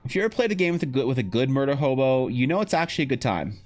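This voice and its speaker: A man streaming live while drawing, chatting casually in a rambling, joking way with animated asides. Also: medium pitch, rapid-fire. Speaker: streamer and game master. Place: home streaming setup.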